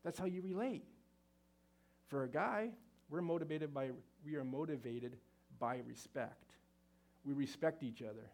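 A man's voice: a little high, a little slow, darkish tone. A man speaking to a live audience at a marriage seminar, folksy and conversational, with frequent fillers and restarts.

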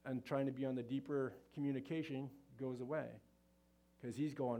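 A man's voice: medium pitch, fairly even intonation, moderate pace, mellow. A man speaking to a live audience at a marriage seminar, folksy and conversational, with frequent fillers and restarts.

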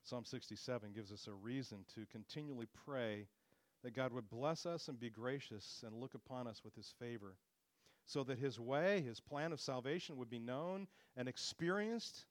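A man delivers a sermon in an earnest, teaching manner, his voice lifting as he quotes scripture. His pitch sits in the ordinary middle range for a man. The sound is dry and close, with almost no room around it. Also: moderate pace, dry recording. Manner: earnest expository preaching, rising on quoted scripture. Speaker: preacher.

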